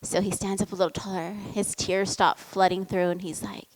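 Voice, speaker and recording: A woman giving a motivational talk and telling a family story in a lively way. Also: medium pitch, brisk. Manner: lively storytelling, acts out the voices in quotes. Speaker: motivational speaker. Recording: long hall reverb.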